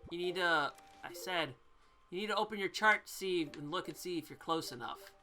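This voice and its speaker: A woman's voice: fairly low pitch, moderate pace, pushed and bright. A woman hosting a let's play, chatting playfully and explaining the game as she plays. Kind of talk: video game commentary. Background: faint game music.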